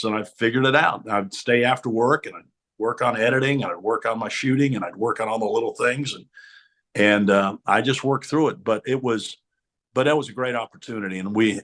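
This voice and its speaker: Speaking in a fairly bright, lowish voice, a middle-aged sportscaster guest spins energetic stories during a radio studio interview, doing impressions of the people in them.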